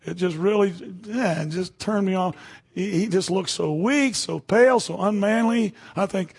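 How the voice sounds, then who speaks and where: A man's voice: sits high, moderate pace, vocal fry, slightly rough. A man preaching a sermon to a room of people, talking conversationally and checking in with "okay?" and "you know" as he goes.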